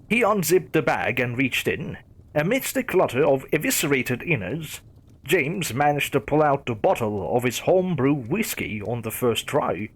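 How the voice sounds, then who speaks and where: A man reading a horror story as scripted narration in a dramatic, measured way. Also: medium pitch, sing-song, husky.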